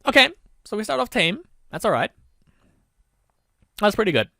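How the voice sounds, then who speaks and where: A man's voice: high-pitched, big pitch swings, moderate pace, creaky, sharp tone, dry recording, studio quality. A man doing casual let's-play commentary, reading a visual novel aloud with rambling asides and frequent laughter.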